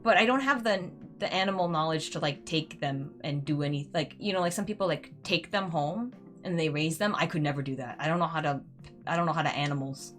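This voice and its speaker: A woman's voice: low voice, a little fast, fairly bright tone, soft background music. A woman streaming a game, giving casual, rambling commentary full of "like" and "you know". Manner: chatty, rambling, uses "like" a lot.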